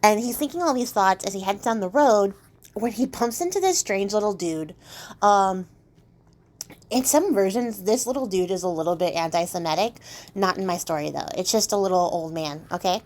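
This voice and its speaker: A woman's voice: mid-range voice, normal speed, a little mellow. Chatty, sarcastic young woman storyteller. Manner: chatty, sarcastic, lots of fillers. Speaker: channel host, storyteller. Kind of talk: casual storytelling.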